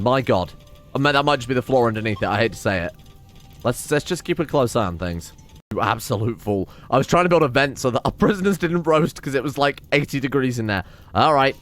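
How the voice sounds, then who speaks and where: A man's voice: medium pitch, a bit bright. A man giving casual gameplay commentary as host, reacting aloud and swearing often as things go wrong. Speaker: let's play host.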